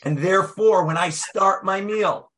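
Animated man teaching a Torah class. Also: sits high, a little slow. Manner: animated, emphatic, acts out voices and quotes.

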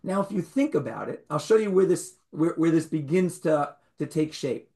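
A man's voice: a little high, expressive, moderate pace, gravelly, dark tone. Quizzing, wry male Torah teacher. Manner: quizzes the audience, wry humorous asides; repeats key words for emphasis. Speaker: rabbi teaching a class. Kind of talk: Torah class lecture.

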